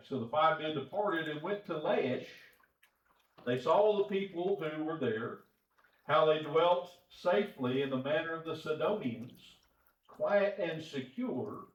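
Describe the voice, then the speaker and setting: A man with a fairly high voice teaches scripture in a relaxed, folksy way, chuckling now and then. He is recorded from a distance in a reverberant church auditorium, and the sound is a little dull. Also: a little slow. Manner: folksy, conversational, chuckles often. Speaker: preacher. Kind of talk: Bible class teaching. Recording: echoey church room, distant dull mic.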